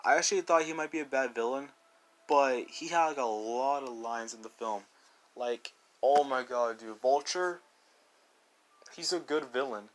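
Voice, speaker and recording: A man's voice: mid-range voice, normal speed. A man giving a casual, rambling movie review as a YouTuber, full of "like" and "dude" and eager restarts.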